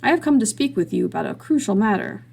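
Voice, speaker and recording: A woman reading a story, voicing a polite, formal older gentleman visitor with a courteous, measured manner. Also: on the high side, sing-song, vocal fry, husky, heavily acted.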